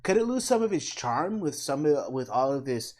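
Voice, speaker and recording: A middle-aged man hosting his channel, giving candid, opinionated reaction commentary, swearing casually and pausing with fillers. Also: on the high side, very animated, darkish tone. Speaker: channel host reacting to a trailer.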